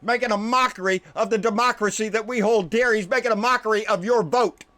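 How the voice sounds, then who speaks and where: On his political commentary channel, a man unloads a furious, foul-mouthed rant at the camera, again and again calling the listener "baby." His delivery is a little fast, bright and forceful, and he often sinks into low, muttered asides.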